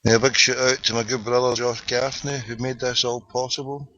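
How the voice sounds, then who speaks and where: A man's voice: medium pitch, level tone, moderate pace, a bit bright, dry recording. A man with a Glasgow Scottish accent hosting an internet show, talking in boisterous, rambling, wisecracking patter. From Scotland. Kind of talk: jokey call-in banter. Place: parked car. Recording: dull lo-fi webcast audio.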